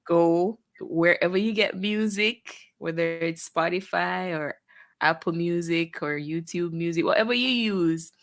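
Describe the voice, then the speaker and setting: A woman's voice: on the low side, a little slow, no echo. A woman singer being interviewed in a radio studio, modest and giggly.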